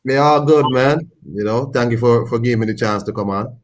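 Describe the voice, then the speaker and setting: A man from Saint Kitts and Nevis, a guest calling in for casual chat, relaxed and friendly. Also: medium pitch, brisk.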